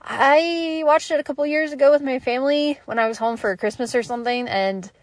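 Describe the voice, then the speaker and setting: A woman's voice: high voice, a little fast, no echo. A woman host talking casually about a show, rambling with many fillers and restarts. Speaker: podcast host. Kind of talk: casual review monologue.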